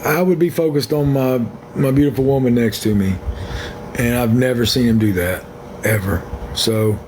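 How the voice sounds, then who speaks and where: A man's voice: mid-range voice, normal speed, a little mellow, slight background noise. A man hosting his own livestream, talking in a blunt, frank and rambling way to viewers on a phone. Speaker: livestream host. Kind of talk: casual livestream chat.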